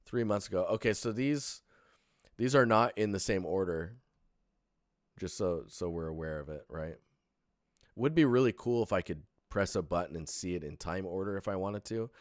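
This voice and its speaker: Young male streamer, very low voice, dry close sound, sleepy rambling critique. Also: moderate pace, no room sound. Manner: relaxed, rambling, many fillers and restarts. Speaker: streamer reviewing portfolios. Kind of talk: casual live-stream critique.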